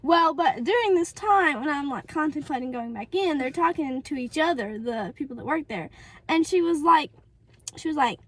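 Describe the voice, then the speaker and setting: A woman's voice: high-pitched, moderate pace, dry recording. A young woman, telling a story casually in a vlog and acting out the people she quotes. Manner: animated, acts out quoted voices. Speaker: vlog co-host.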